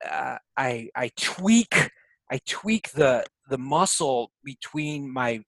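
A man's voice: mid-range voice, fairly bright tone, no room sound, poor audio. Rambling male storyteller, dry sound. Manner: rambling, restarts often, then slows to reflect. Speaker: podcast guest. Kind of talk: casual storytelling.

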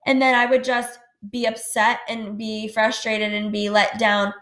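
A woman's voice: fairly high pitch, level tone, measured pace, a bit bright. A woman hosting a casual solo podcast, talking candidly, swearing freely and saying "like" a lot. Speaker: podcast host. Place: home at night. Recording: roomy echo.

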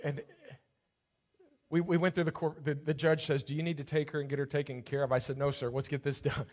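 High-voiced man preaching a sermon. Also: level tone, fairly quick, darkish tone. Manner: storytelling, swelling to fervent preaching. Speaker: pastor.

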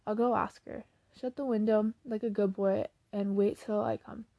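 A spirited, daring teenage girl, read by a woman, speaking briskly and cheerfully. The voice is mellow with a gravelly edge. It sounds like a close, dry storybook reading. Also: mid-range voice, steady tone, no room sound, natural voice. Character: bold, lively teenage girl, daring and kind.

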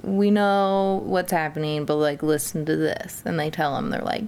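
A woman's voice: low voice, moderate pace, smooth. A woman hosting a casual true-crime podcast, swearing freely and acting out the people in her stories. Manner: profane, animated storytelling, acts out quoted people. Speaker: podcast host.

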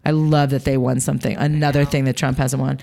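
A woman co-hosting a casual chat about film awards, animated and quick with asides, laughing often. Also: rumbling low, vocal fry. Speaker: podcast co-host.

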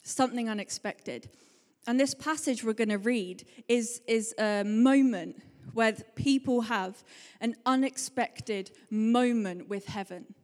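In a sermon, a woman with a fairly high voice preaches in a lively, chatty way, telling everyday stories in fast, animated bursts. A long reverb trails behind her, like the sound of a church hall.

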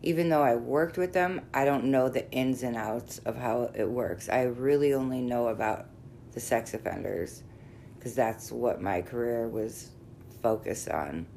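A woman's voice: extremely low pitch, measured pace, vocal fry, warm tone, slight background noise. A middle-aged woman therapist speaking frankly and bluntly in a conversational interview, laughing easily and swearing now and then. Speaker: therapist working with sex offenders.

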